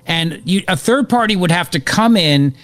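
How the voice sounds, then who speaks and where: A man hosting live political talk radio, excitable and opinionated, rambling as he reacts to events. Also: sits high, moderate pace, dry recording. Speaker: radio talk show host.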